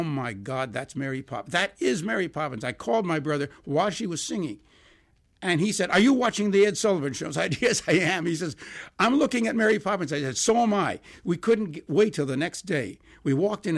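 An older man, a songwriter being interviewed, telling lively anecdotes, acting out quoted dialogue and laughing as he goes. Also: on the high side. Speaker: songwriter guest.

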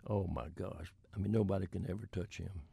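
An older man with a drawl spins folksy anecdotes, chuckling now and then. His voice sits low with a gravelly texture, and the recording is dry and close. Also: fairly even intonation, brisk, mellow, no echo. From Florida. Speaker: country singer-songwriter guest. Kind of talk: storytelling in an interview.

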